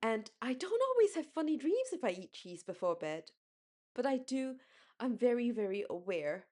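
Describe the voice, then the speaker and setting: A woman's voice: fairly high pitch, big pitch swings, moderate pace, darkish tone. A young woman from Singapore rambling in a casual late-night vlog, correcting herself often and laughing as she talks. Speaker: vlogger.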